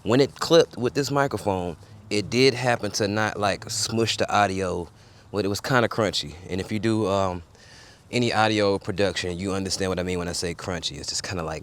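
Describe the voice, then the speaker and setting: A man's voice: sits low, fairly quick, a little hiss or hum. A man running a casual microphone sound test outdoors, talking loosely and rambling to viewers on a wireless clip-on mic. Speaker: gear reviewer. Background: faint ambience with people around.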